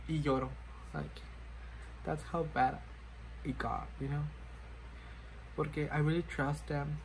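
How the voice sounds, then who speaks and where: A man's voice: fairly high pitch, flat delivery, measured pace, vocal fry, long pauses, a little hiss or hum, rough recording. A man chatting casually while doing his makeup, rambling and self-mocking, switching languages mid-sentence. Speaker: makeup vlogger.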